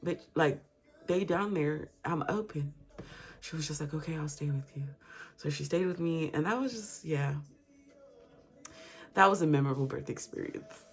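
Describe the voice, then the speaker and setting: Woman, low pitch, candid storytelling, casual, faint background music. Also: moderate pace, pauses often. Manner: candid and profane, acts out quotes. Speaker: vlogger.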